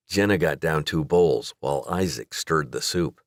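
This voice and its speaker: A male audiobook narrator reading in a steady, measured way. His voice sits very low. The recording is dry and close. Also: dry recording. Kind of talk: scripted narration.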